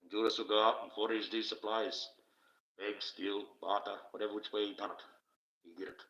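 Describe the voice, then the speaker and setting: A man's voice: lowish voice, little pitch movement, brisk, pushed and bright. A man rambling on a livestream, talking casually and swearing freely. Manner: profane, rambling, conversational. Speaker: livestream host. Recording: dull, echoey room sound.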